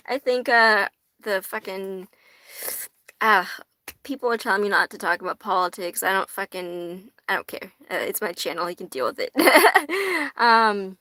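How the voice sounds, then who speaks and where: Young female streamer, casual and profane, giggly, bright tone, dry close sound. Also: mid-range voice, dry recording. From United States. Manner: chatty, swears a lot, laughs often. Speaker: tarot livestream host. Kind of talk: casual livestream chat reading viewer comments.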